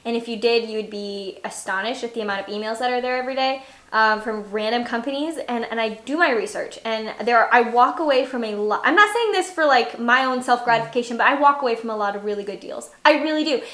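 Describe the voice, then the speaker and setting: Slightly high and quick, this young woman's voice has a fairly bright tone and rings with reverb. As a channel host, she keeps the chat casual, laughing often and scattering fillers through her stories.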